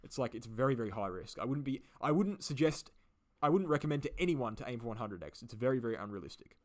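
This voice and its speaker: This Australian crypto channel host talks fast and very animatedly in a mid-range, slightly mellow voice. On his live stream he fields viewer questions, wandering off track and leaning on fillers and phrases he keeps repeating.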